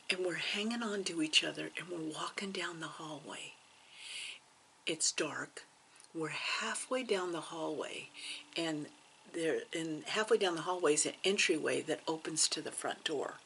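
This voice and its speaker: A woman vlogger telling a story in a casual, animated way, dropping to hushed asides for drama. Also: lowish voice, unhurried, vocal fry, slight background noise. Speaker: cross stitch vlogger.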